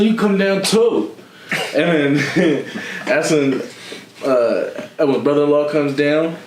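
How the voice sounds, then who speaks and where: Young guy, mid pitch, slangy storyteller who laughs a lot; echoey room. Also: a little mellow, a little hiss or hum. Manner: laughing often, slangy, acting out voices of others. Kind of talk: casual storytelling chat.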